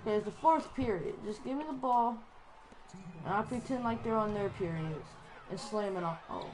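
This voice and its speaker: A woman giving live commentary over a basketball video game, excitable and playful, trash-talking the players. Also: mid-range voice, normal speed, over music, rough recording. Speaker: gaming channel host.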